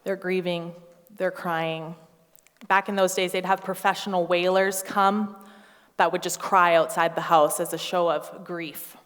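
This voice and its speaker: A woman in her thirties preaching a sermon as a pastor, animated and storytelling, acting out voices with humorous asides. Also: fairly low pitch, unhurried, smooth, long reverb tail. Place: church hall.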